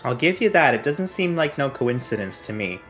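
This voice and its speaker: A man's voice: mid-range voice, sing-song, moderate pace, a bit bright, soft background music. A man voicing a prim, disapproving middle-aged woman who talks in a folksy, huffy way. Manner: folksy, huffy about younger people.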